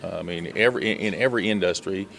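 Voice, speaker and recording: A man's voice: sits low, fast, vocal fry, fairly bright tone, slight background noise. An American man who leads a student agriculture tour, answering interview questions earnestly and advocating for farming, with some restarts. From USA.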